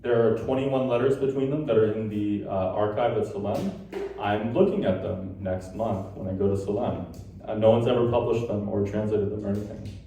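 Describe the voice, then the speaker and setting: A man's voice: on the low side, normal speed, mellow, a little hiss or hum. A man giving a conference lecture, explaining ideas and now and then tapping out rhythms in sung syllables. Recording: echoey hall from far off.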